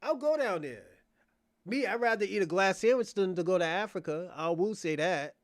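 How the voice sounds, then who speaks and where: Host, man with a high voice, blunt and profane, casual. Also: a little fast, no echo, clean studio sound. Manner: blunt, profane, laughing asides. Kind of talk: casual commentary.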